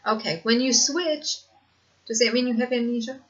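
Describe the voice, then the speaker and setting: A woman's voice: on the high side, normal speed, fairly bright tone. An older woman talking earnestly in a casual home video monologue, repeating herself for emphasis and laughing often. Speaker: vlogger sharing lived experience. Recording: dull lo-fi home recording.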